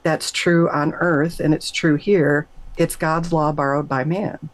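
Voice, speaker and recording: A woman voicing a gentle, loving grandmother spirit who speaks calmly and reassuringly. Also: low voice, unhurried. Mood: soothing. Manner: calm, soothing, reassuring.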